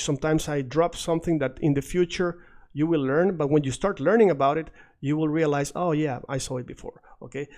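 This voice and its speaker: A man teaching a recorded language lesson, patiently repeating words slowly for emphasis. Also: on the high side, darkish tone. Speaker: Spanish teacher.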